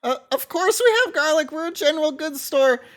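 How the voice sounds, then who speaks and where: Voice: lively intonation, fairly quick. A stammering, flustered little shop boy. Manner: stammering, flustered, high and loud. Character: nervous little boy shopkeeper in a yellow shirt. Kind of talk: tabletop game character voice.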